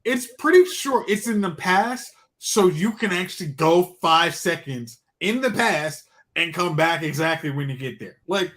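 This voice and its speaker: A man's voice: on the high side, lively intonation, measured pace, hardly any pauses, fairly bright tone. A man co-hosting a podcast in casual chat, rambling with lots of fillers and venting in exasperation. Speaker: podcast co-host.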